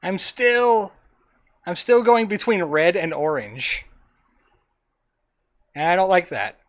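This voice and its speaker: In a high, fairly bright voice and at a slow pace, a male streamer gives rambling, chatty commentary during gameplay. He talks to himself and to his viewers.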